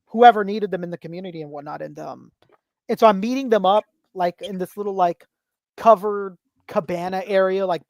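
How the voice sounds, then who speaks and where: A young man tells stories on a podcast in a loose, chatty way. His voice jumps up high whenever he imitates someone else, and it sits close and dry on the mic. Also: dry recording. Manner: animated storyteller, acts out quotes with rising pitch. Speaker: podcast guest. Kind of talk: casual storytelling chat.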